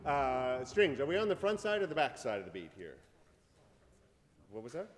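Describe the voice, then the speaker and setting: A man's voice: medium pitch, sing-song, moderate pace, faint music behind. Man conducting in a reverberant hall. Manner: sings phrases with nonsense syllables between directions. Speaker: orchestra conductor. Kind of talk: rehearsal instruction. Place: large concert rehearsal hall. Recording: reverberant hall with orchestra playing. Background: orchestra playing.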